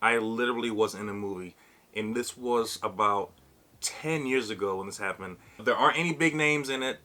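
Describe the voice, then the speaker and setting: A man vlogging to camera, telling a funny personal story in a casual, animated way and acting out what others said. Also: lowish voice, normal speed. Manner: animated, acts out other people's lines.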